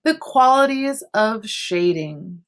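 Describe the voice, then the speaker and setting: A woman's voice: mid-range voice, animated, slow pace. A woman art teacher teaching an online class from home over a computer mic, explaining step by step with chatty asides. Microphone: computer mic on a video call.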